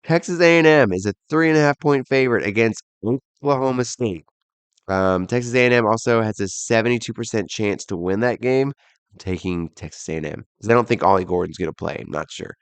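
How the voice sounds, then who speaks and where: With a lowish voice and no echo behind it, a young solo podcaster chats casually about bowl games, reeling off odds and picks while making light of himself.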